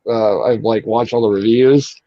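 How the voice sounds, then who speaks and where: A man's voice: fairly low pitch, fairly even intonation, moderate pace, no echo, highs cut off. A man chatting casually as a podcast guest, laughing often and reacting with animation. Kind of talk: casual chat.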